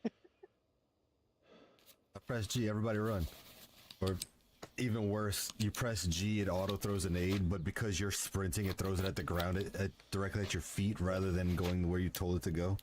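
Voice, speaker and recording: A man's voice: low voice, flat delivery, normal speed. A young man chatting during a multiplayer game, talking bluntly with plenty of swearing. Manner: blunt, profane, dry. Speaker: gamer co-host. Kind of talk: casual gaming chat. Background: gunfire and game noise.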